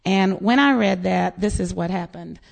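A woman's voice: lowish voice, moderate pace, gravelly. An American woman pastor preaching a sermon, telling stories with quoted voices. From United States. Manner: animated storytelling with quoted voices and laughs.

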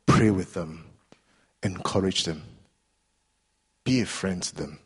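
A man's voice: deep voice, takes it slowly, slightly rough. A man preaching a sermon in a church, earnest and exhorting, repeating phrases as he builds intensity.

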